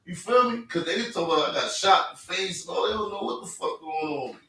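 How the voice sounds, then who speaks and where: A man's voice: high voice, lively intonation, brisk, bright, forceful tone. A man telling a personal story in casual talk, rambling in street slang and checking in with "you feel me" again and again. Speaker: podcast host. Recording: echoey room, mic at a distance.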